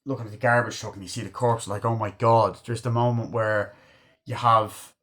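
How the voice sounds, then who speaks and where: Profane, excitable man reviewing a movie. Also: on the low side, brisk. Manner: excitable, swears a lot, acts out movie lines. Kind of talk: casual film review monologue.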